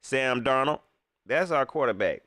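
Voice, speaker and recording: A man's voice: medium pitch, expressive, measured pace, a bit bright, no echo, clean studio sound. A man hosting a sports fan live stream, venting in casual slangy talk and firing off emphatic rhetorical questions as he reads viewer comments. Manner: casual slangy speech with frequent fillers. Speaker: fan channel host reading live comments.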